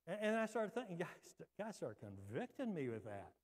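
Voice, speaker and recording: A male pastor delivering a sermon, moving between loud emphatic preaching and hushed, quiet talk. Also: fairly high pitch, sing-song, quick pace, hardly any pauses, long reverb tail. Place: church sanctuary.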